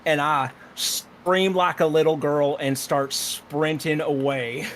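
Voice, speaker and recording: Casual man player, somewhat high voice. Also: steady tone, takes it slowly, a bit bright, slight background noise. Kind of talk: casual tabletop play.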